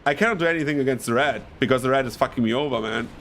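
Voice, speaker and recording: A man's voice: mid-range voice, very fast, a bit bright, a little hiss or hum. Casual German-speaking gamer man. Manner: chatty, swears, laughs often. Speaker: streamer. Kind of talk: casual gameplay commentary.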